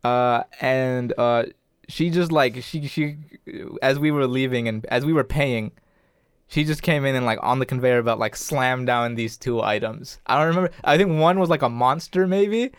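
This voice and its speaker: A man's voice: medium pitch, normal speed, smooth, no echo. A young man in his twenties chatting casually with friends, his voice dry and close with little room sound. He rambles, piling up fillers and restarting his sentences as he goes. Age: 20s. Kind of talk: casual chat.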